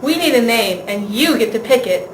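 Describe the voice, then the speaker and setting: A woman's voice: a little high, animated, moderate pace, soft background music. A young woman co-hosting a student video blog with an upbeat delivery. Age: young adult. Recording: echoey room, faint noise.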